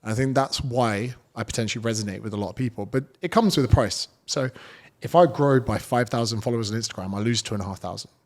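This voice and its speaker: A fitness coach chats with a podcast host, telling stories bluntly and swearing freely. His voice is at a typical male pitch, and he talks fast in this relaxed podcast conversation.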